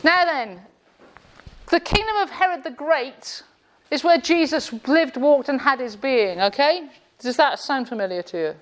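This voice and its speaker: A woman lecturer with a slightly high voice teases a live group with sarcastic quiz questions. She mixes jokes into a classroom talk in an indoor room. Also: animated, unhurried, background noise. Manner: quizzing the audience.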